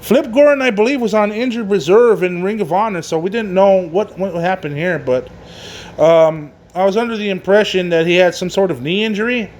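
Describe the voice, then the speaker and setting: A man's voice: high voice, moderate pace, darkish tone. A man hosting a casual solo wrestling review, rambling and swearing, with many fillers and restarts. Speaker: wrestling podcast host.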